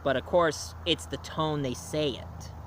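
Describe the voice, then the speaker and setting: A man's voice: on the high side, a little slow, slight background noise. Rambling man reviewing films. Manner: rambling, with many fillers and restarts. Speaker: film and comic reviewer. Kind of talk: casual review monologue.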